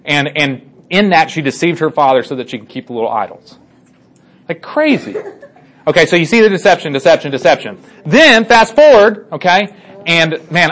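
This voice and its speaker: Acting as teacher to a group, a man casually retells a Bible story in an animated, chatty way, full of fillers and asides. His voice is a little high.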